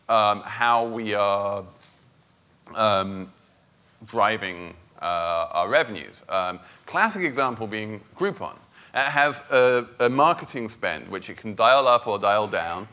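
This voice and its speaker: Bright, frank British man. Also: medium pitch. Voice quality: somewhat nasal. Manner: frank, opinionated, restarts often. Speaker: finance blogger, panel guest. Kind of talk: onstage conference Q&A.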